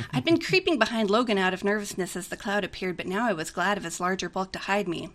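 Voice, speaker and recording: A woman's voice: medium pitch, a little fast, a bit bright. A woman reading a romantic comedy aloud in a chatty way, giggling often between lines. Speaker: story reader.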